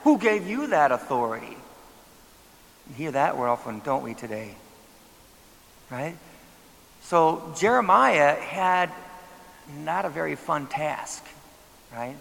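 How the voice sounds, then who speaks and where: A man preaching a sermon as pastor, with a high, bright, gravelly voice. He talks in a conversational way and keeps asking the congregation rhetorical questions. Long church-hall reverb trails behind him. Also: very animated, slow pace, long pauses.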